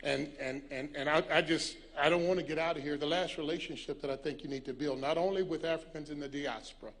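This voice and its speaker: Man from the US, high voice, emphatic preaching, repeats words, prayer event speech. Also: steady tone, quick pace, a bit bright. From United States. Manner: emphatic, repeats words when starting sentences. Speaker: guest speaker. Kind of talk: preaching address. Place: large hall at a public prayer event.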